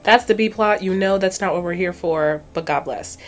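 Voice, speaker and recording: A woman casually recapping a cartoon episode as a video host, chatty and expressive, with some swearing. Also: lowish voice, normal speed. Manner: chatty and expressive, swears, slips into characters' voices.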